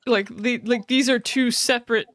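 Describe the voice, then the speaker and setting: A woman's voice: a little high, steady tone, moderate pace. A woman co-hosting a podcast, explaining a game's story casually with many fillers, restarts and laughs. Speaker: podcast co-host.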